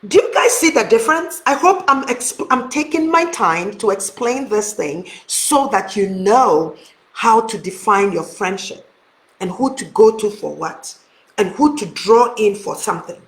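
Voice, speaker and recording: A woman's voice: mid-range voice, expressive, a little slow. A woman hosting a motivational talk, speaking earnestly and emphatically straight to her viewers. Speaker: host. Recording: roomy echo.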